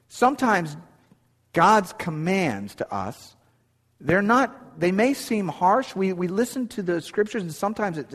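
A man's voice: fairly high pitch, breathy edge, long reverb tail. A middle-aged man preaching a sermon, telling a personal story earnestly with frequent restarts. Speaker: pastor.

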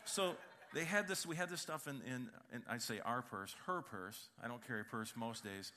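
A middle-aged man preaching a sermon, telling funny family stories in an animated, joking way. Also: mid-range voice, moderate pace. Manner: animated storytelling with humor. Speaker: pastor.

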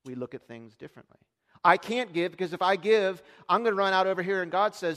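Male pastor, thirties, lively sermon delivery, fairly high voice, reverberant sanctuary sound. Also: fast talker. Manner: animated preaching, rising loud on quoted lines, dropping low to aside. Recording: long reverb of a large hall.

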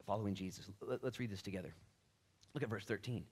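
A man pastor teaching a sermon Bible study in a church, animated and casual, with slangy jokes and asides. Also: lowish voice, quick pace, husky.

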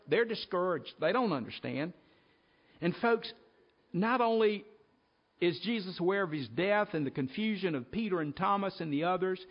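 Earnest preaching man, dull lo-fi sound. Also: sits high. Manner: earnest preaching, addresses listeners as folks, reads scripture aloud. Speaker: pastor. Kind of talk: sermon. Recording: dull lo-fi recording.

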